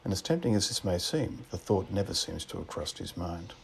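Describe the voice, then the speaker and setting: A man with an Australian accent preaching a sermon in a measured, reflective way, asking rhetorical questions. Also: low voice, very animated, creaky, slight background noise.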